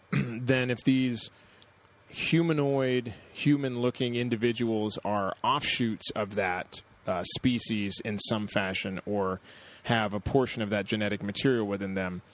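A man co-hosting a casual podcast chat, reasoning aloud in a measured way and letting his sentences trail off. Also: on the low side, fairly even intonation.

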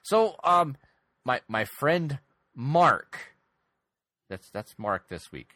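Husky-voiced playful male podcast host. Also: mid-range voice, sing-song, very slow, sharp tone, dry recording. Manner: playful, rambling with repeated restarts. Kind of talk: casual podcast chat.

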